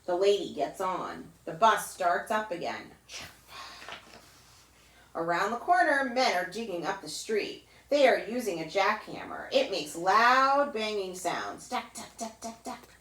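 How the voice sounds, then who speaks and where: A woman who teaches yoga to children reads a picture book aloud to them, mimicking sounds in a high, playful voice. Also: big pitch swings, unhurried, a bit bright, distant mic. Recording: roomy echo, voice off-mic.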